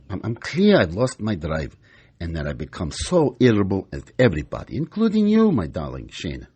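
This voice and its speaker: Man playing a husky, kvetching old psychiatrist. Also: fairly low pitch, darkish tone, full character voice. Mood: agitated. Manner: kvetching, exasperated rant with Yiddish words. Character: exasperated older male psychiatrist, grumbling grandfather. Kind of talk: comic stage monologue.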